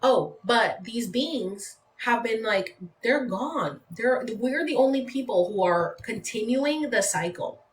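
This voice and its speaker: A woman's voice: a little high, expressive, takes it slowly, few pauses. Rambling woman livestreaming in an echoey room. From San Diego, California. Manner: rambling, conversational, uses "like" often. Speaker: livestream host. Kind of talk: casual livestream chat. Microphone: phone mic. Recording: echoey room with faint background noise.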